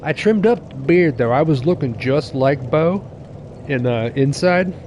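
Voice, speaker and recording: A young man streaming a game live, excitable and laughing, swearing casually and chatting with his viewers while nursing a sore tooth. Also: a little high, unhurried, lo-fi sound, slight background noise.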